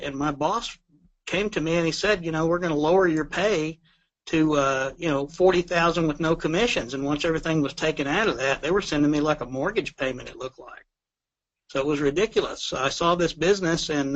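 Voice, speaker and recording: Texan guy, middle-aged, relaxed testimonial on a muffled lo-fi call line. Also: on the high side. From Texas. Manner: easygoing, plain-spoken, many fillers. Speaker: guest member giving testimonial. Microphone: remote call line. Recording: dull lo-fi call audio.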